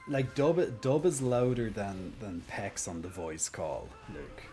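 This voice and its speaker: A man's voice: on the low side, mellow, soft background music. Rambling, laughing male streamer. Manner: rambling, self-mocking, quick to laugh. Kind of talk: casual chat while gaming on stream. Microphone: desk mic near a clicky mouse.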